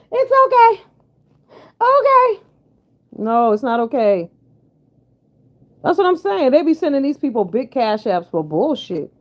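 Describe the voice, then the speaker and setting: A woman giving blunt, sassy, profane commentary in casual chat with her viewers. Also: mid-range voice. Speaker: commentary vlogger. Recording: dull lo-fi sound.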